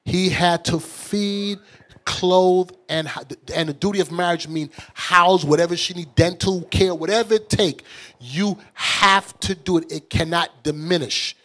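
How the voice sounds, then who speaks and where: A man's voice: high voice, a little slow, fairly bright tone. A man preaching as a bishop in a fiery, mocking, blunt sermon style. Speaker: bishop and teacher.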